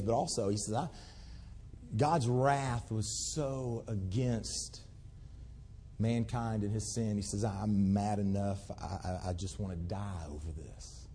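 Folksy pastor in an echoing church. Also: male voice, medium pitch, slight background noise. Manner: folksy storyteller, swings from loud outbursts to hushed pleading. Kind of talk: sermon. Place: church sanctuary. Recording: long hall reverb.

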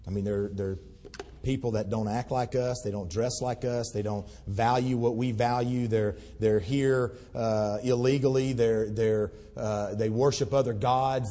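A man preaching a sermon as a pastor, telling folksy stories and swinging from loud outbursts to hushed pleading. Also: mid-range voice, fairly even intonation, unhurried. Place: church sanctuary. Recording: long hall reverb.

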